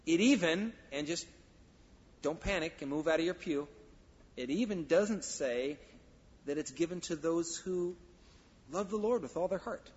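A male pastor preaching a sermon, emphatic, swinging from quiet asides to loud declarations. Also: on the high side, lively intonation, unhurried, long pauses. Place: church sanctuary. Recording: dull sound with long hall reverb.

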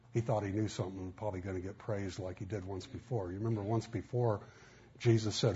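A man's voice: on the low side, fairly even intonation, fast, warm tone. A man preaching a sermon in a folksy storytelling way, acting out quotes. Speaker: pastor. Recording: muffled, faint background hiss.

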